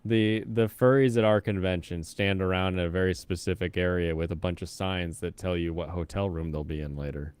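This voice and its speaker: A man's voice: sits low, fairly even intonation, fairly quick, few pauses, a little mellow, smooth. A man co-hosting a casual chat, joking and teasing, slipping into silly voices. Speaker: podcast co-host.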